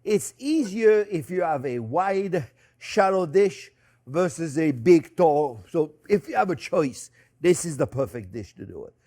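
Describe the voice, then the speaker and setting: A man's voice: a little high, animated, a little slow, mellow. An older man with a French accent, hosting a casual cooking demonstration in a kitchen, chatty and joking with lots of fillers and restarts. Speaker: chef and host. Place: home kitchen.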